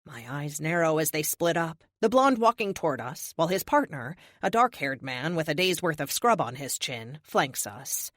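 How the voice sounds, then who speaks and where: Lively wry woman narrating an audiobook. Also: deep voice, normal speed, few pauses, dry recording, clean studio sound. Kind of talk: first-person audiobook narration.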